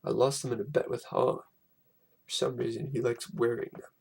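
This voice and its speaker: A man putting on a low, quiet voice for a smooth-talking man making excuses. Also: little pitch movement, normal speed. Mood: sheepish.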